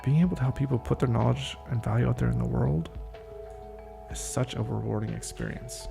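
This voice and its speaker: A man's voice: medium pitch, fairly even intonation, brisk, gravelly, music in the background. A man hosting a podcast, reading draft lines of a script aloud, stopping often to rethink and reword them. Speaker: podcast host. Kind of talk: casual solo script rehearsal.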